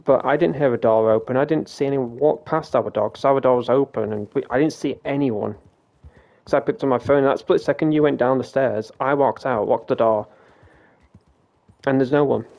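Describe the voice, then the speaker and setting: A man's voice: medium pitch, normal speed, highs cut off. A British man streaming a game, telling a rambling story in a casual way, with frequent restarts and some swearing.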